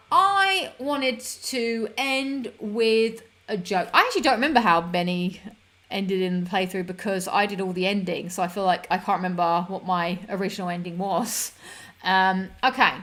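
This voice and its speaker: A woman's voice: medium pitch, fairly bright tone. Chatty woman streamer. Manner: chatty and self-deprecating, rambling with fillers and giggles. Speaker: livestream host. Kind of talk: casual chat with viewers.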